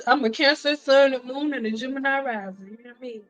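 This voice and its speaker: A woman hosting a casual livestream chat, telling stories in an animated way, acting out the voices she quotes and joking bluntly with her viewers. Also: mid-range voice, normal speed, faint music behind. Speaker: livestream host. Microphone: computer mic on a livestream.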